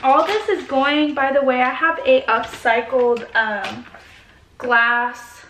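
A woman's voice: sits high, slow, a bit bright, reverberant, a little hiss or hum. A young adult woman vlogger chatting casually at home as she unboxes things, gushing and chatty with plenty of fillers. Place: her home.

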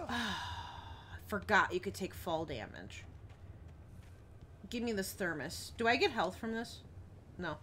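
A woman's voice: mid-range voice, big pitch swings, takes it slowly, pauses often, bright, forceful tone, a little hiss or hum. A young woman streaming a horror game, chatting with viewers and yelping at the scares. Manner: jumpy, chatty, talks to viewers and yelps at scares. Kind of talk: live gameplay commentary.

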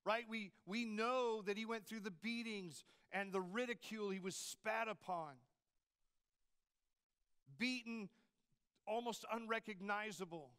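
A man's voice: sits high, measured pace, long pauses, fairly bright tone, clear, resonant tone. A man preaching a sermon as campus pastor, in a conversational style with frequent rhetorical asides to the congregation.

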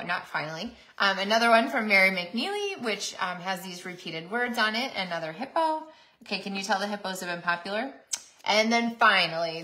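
Bright, chatty woman showing cards. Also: mid-range voice. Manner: chatty, enthusiastic, frequent ums. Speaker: host showing handmade cards. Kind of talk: casual live demo.

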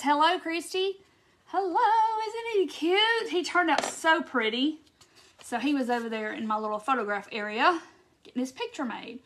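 A woman's voice: high voice, fairly bright tone. A woman hosting a casual crafting livestream, chatting to viewers by name as she paints. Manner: chatty, drawn-out Southern "y'all" talk, greets viewers by name. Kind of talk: casual live crafting chat. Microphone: phone or camera mic on a livestream.

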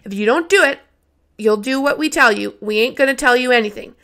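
A woman's voice: a little high, brisk, gravelly, a bit bright. A woman voicing an earnest little boy. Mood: warning. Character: small imaginative boy, earnest schemer.

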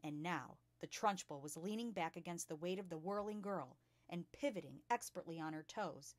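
A woman reading a children's novel aloud with lively expression as a storytime host. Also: on the low side, moderate pace, no echo. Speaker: storytime reader.

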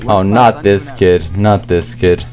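A young man commenting on his own gameplay, talking in slangy, excitable, rambling trash talk. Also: sits low, slow pace, faint music behind. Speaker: gaming YouTuber.

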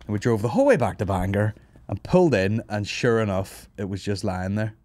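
Sweary Northern Irish man, lowish voice. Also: lively intonation, fairly quick, a little mellow, dry recording. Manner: sweary, rambling, laughs often. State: hungover and tired. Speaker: podcast host. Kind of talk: casual comic storytelling. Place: office.

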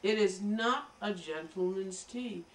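An American woman from the United States delivers an emphatic political commentary monologue at a slow pace in a medium-pitched voice. She lectures and addresses her viewers directly, and the recording sounds distant with roomy echo.

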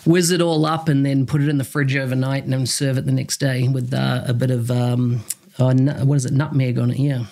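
A man's voice: medium pitch, level tone, a little fast, darkish tone. A man with a New Zealand accent hosting a podcast in friendly, casual chat and laughing easily. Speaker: podcast host.

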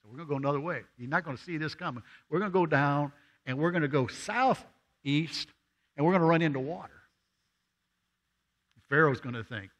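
A man's voice: fairly high pitch, fairly quick, pauses often, fairly bright tone. A man preaching a sermon in a church, talking conversationally and asking the congregation questions. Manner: acts out voices of people in the story. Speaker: guest preacher. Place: church sanctuary.

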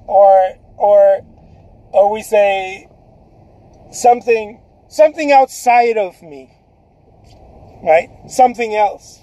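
A male artist giving an animated, emphatic motivational talk. He often repeats himself as he talks. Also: sits high, slow pace, pauses often.

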